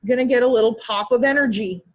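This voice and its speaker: A woman's voice: a little high, fast talker, darkish tone, lo-fi sound. A woman with a Canadian accent, teaching a class in a chatty, joking and encouraging way. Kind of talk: online class lecture.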